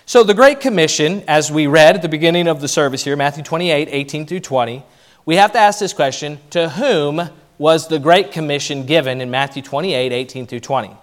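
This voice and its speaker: Male pastor, forceful pulpit preaching with swings in volume, voice on the higher side. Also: a little fast. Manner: emphatic preaching, rising and dropping in loudness. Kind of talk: sermon.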